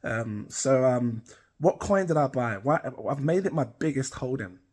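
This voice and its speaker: A man's voice: medium pitch, lively intonation, measured pace, darkish tone. A middle-aged British man rambling casually to camera as a crypto channel host, chatty and self-amused. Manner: rambling, chatty, laughs at himself.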